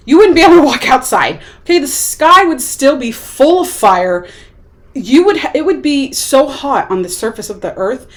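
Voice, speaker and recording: Woman, high voice with big swings, casual and exasperated movie rant. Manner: animated, exasperated, acts out quotes. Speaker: movie reviewer.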